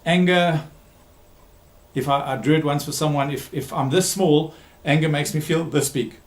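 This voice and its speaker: A man who works as a therapist gives a recorded talk, speaking emphatically, repeating key words and pausing with frequent ums. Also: a little high, reverberant. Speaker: therapist giving a talk series.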